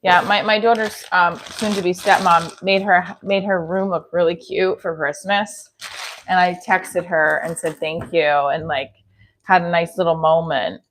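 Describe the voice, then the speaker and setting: Chatting casually from her home kitchen, a comedian in her forties responds aloud to comments on her livestream. She has a New Jersey accent and a lowish, fairly bright voice with a steady tone at normal speed.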